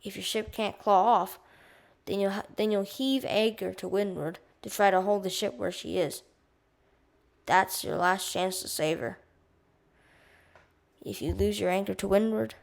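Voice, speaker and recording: A woman's voice: mid-range voice, steady tone, unhurried, vocal fry, pauses often. A woman reading a children's novel aloud for homeschoolers, stumbling and restarting words and stopping to explain terms. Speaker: audiobook reader. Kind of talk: casual read-aloud for homeschool.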